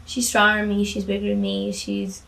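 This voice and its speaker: A woman's voice: medium pitch, monotone, normal speed, vocal fry, a bit bright, far from the mic. A woman guest in a casual interview, chatty and candid, often restarting her sentences and swearing freely. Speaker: former wrestling valet, interview guest.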